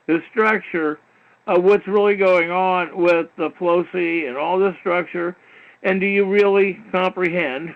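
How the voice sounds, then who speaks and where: High-voiced man lecturing over lo-fi radio. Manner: repetitive, peppered with "you know", swearing; heated and lecturing. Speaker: talk show host. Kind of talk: rambling call-in radio monologue. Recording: dull lo-fi internet radio stream.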